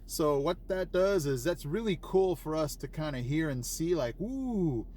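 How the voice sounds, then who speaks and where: A man's voice: a little high, normal speed, darkish tone, a little hiss or hum. A man vlogging, telling a personal story in a casual, rambling way with many fillers and restarts.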